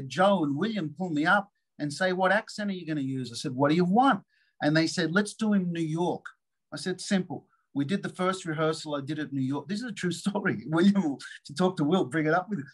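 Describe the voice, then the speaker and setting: A man, an actor guest in a casual interview, telling lively stories and acting out the lines of other people. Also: a little high, husky, low-quality recording. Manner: animated storyteller, acts out quotes.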